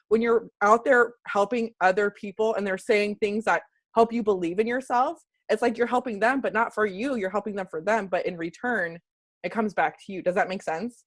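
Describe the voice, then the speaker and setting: A woman's voice: mid-range voice, a little fast. Chatty woman leading a group call, laughs easily, speaks openly about feelings. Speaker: team leader hosting a call. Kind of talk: casual team call chat.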